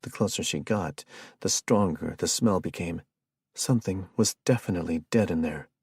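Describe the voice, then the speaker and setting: A man narrating an audiobook in an even, measured reading. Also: sits low, slightly rough, no echo, studio quality. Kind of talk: scripted narration.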